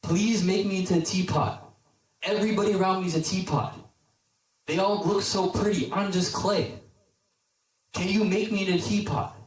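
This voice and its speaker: A pleading, whiny lump of clay with a somewhat high voice, as a preacher in a sermon puts it on. It begs its maker with question after question, heard from a distance in an echoey hall. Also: male voice, moderate pace, pauses often, natural voice. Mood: longing. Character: lump of clay, male, longing, complaining.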